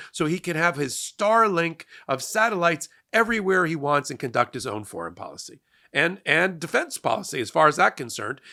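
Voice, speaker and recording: A man hosts a legal and political commentary show, delivering a sarcastic monologue and frequently repeating words at the start of sentences. His voice is on the high side, creaky, pushed and bright.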